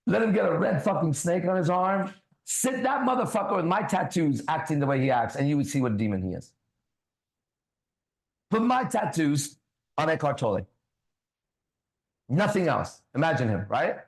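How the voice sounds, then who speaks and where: Male minister-host, profane, lively delivery, slightly high voice. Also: moderate pace, long pauses, poor audio. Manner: blunt, profane, rhetorical questions. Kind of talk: preachy casual talk show.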